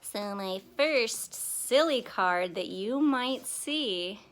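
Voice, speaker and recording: A young woman who teaches little children talks slowly and with care. Her voice sits at a middle pitch. She is playful and gentle, breaking into small songs and make-believe with her class. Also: lively intonation. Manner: slow, gentle and playful, sings and acts out the class. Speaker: pre-K teacher. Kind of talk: children's lesson video.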